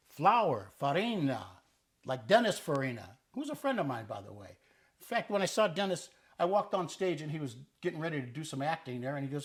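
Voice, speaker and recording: A man's voice: on the high side, fairly bright tone. A man hosting a cooking show, chatting playfully and teaching Italian words as he cooks in a kitchen. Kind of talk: casual cooking demonstration. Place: kitchen with island and stovetop.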